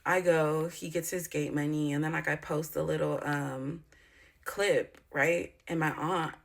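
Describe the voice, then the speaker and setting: Woman vlogger, lowish voice, blunt and profane, rambling storyteller with emphatic outbursts. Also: fairly even intonation, measured pace, creaky. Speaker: YouTuber. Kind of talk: candid storytime vlog.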